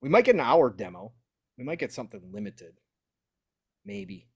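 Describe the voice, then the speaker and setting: A man hosting a casual gaming podcast, talking in an animated, opinionated way and laughing often. His voice sits at a middle pitch. It is recorded close and dry, with no room sound. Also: moderate pace, creaky, slightly rough, no echo. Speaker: podcast host.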